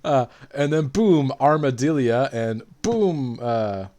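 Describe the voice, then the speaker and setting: Man recapping a game in an excitable ramble. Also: mid-range voice, takes it slowly. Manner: rambling, excitable storytelling with lots of fillers. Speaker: player. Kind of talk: recapping a tabletop game session.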